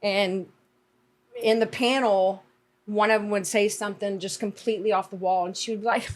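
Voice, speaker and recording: A woman's voice: medium pitch, steady tone, moderate pace, a little hiss or hum. A woman hosting a podcast, telling rambling stories in casual chat. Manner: chatty storyteller, drawling, rambling with filler words. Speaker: podcast host.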